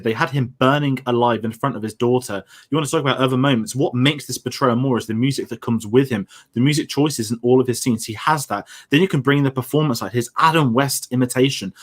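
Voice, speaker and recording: Fast-talking man arguing hard. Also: mid-range voice. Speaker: debater. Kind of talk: heated podcast debate.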